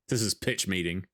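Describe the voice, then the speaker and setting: A man's voice: lowish voice, gravelly. A man hosting a podcast, chatting casually while watching a film, laughing often and swearing freely. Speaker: podcast host.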